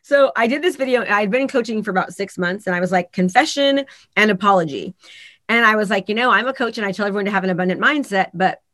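A woman's voice: medium pitch, fast talker, no echo. A woman, a real estate agent and coach, talking candidly in a casual podcast interview and acting out the people she quotes. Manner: candid, animated storytelling with voiced quotes.

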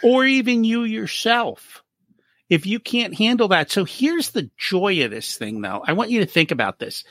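A man's voice: sits high, normal speed, no echo, studio quality. A man speaking as a guest in a casual interview, explaining money habits and acting out short exchanges in different voices. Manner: animated, acts out little dialogues. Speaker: business profitability guest.

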